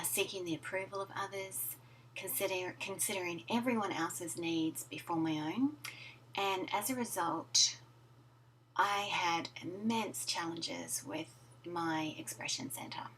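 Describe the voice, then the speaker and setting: A soft-spoken woman talks to camera from her home office, her voice low-pitched and gentle, often sinking to a breathy near-whisper. The mic sits some way off, so she sounds a little distant, with a faint hum behind her. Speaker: life coach. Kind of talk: personal story to camera.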